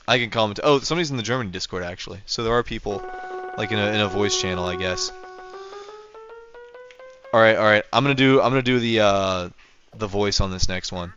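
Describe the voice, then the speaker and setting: A man's voice: on the low side, fast talker, fairly bright tone, smooth, soft background music. A young man streaming a game live, chatting casually with viewers in a rambling, self-correcting way, on a dull lo-fi mic. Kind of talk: casual livestream commentary.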